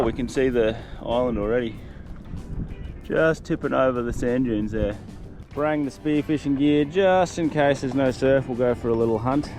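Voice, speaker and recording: A man in his thirties with an Australian accent, chatting casually in a travel vlog, relaxed and laughing often. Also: mid-range voice. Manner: laid-back, laughs often, storytelling. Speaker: vlogger. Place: outdoors, coast and van. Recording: music playing over the voice.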